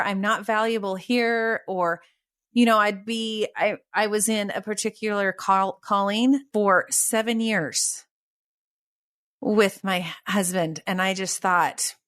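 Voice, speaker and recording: A woman hosting a podcast, speaking in a thoughtful, measured way as she reflects on her own experience. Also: mid-range voice, fairly bright tone. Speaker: podcast host. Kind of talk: reflective conversational interview.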